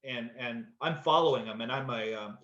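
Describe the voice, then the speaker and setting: An actor appearing as a podcast guest tells a story casually and in a rambling way, full of fillers and restarts. His voice is medium-pitched and a little bright, at a moderate pace. The room sounds slightly dull and echoey.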